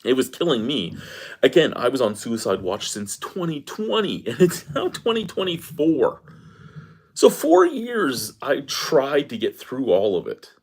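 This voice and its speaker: A man's voice: medium pitch, huge pitch swings, unhurried, husky. A middle-aged man in an angry personal rant, swearing and exasperated as he vents. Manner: profane, exasperated, venting. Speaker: beer review vlogger.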